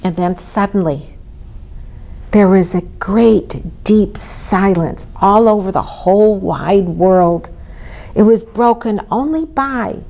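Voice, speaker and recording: A woman reading a children's story aloud in an expressive way, inviting her listeners to join in. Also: mid-range voice, vocal fry. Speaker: storybook reader.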